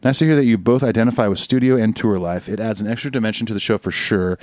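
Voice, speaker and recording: A man's voice: on the low side, fast, darkish tone, no echo. A young man co-hosting a casual music podcast, playful and joking. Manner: playful, jokes with put-on voices. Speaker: podcast co-host.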